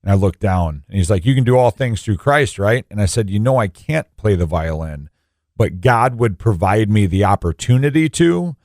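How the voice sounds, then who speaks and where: A man co-hosting a faith and fitness talk show with a somewhat low voice. He tells stories and turns them into motivational encouragement. The recording is dry and close. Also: expressive, normal speed, a little mellow, no echo. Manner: motivational, anecdotal, preachy. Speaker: co-host. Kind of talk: faith podcast conversation, storytelling.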